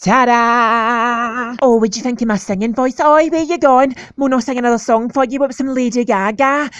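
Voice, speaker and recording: A man's voice: very high-pitched, steady tone, moderate pace, fairly bright tone, smooth, no room sound. A man with a Scottish accent voicing a cheeky, taunting animal who sings badly. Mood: singing badly.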